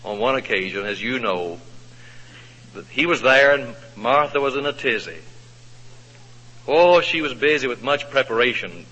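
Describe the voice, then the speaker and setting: A male preacher telling a Bible story in a sermon, folksy and expressive, asking the congregation questions. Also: medium pitch, measured pace, pauses often. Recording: echoey hall, dull lo-fi sound.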